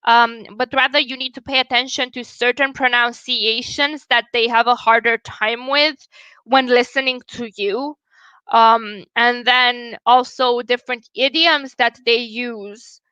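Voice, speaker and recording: High, bright-voiced woman streamer. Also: clean tone, no echo, highs cut off. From Romania. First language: Romanian. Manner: outspoken and blunt, swears casually. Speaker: livestream host. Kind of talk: casual livestream chat.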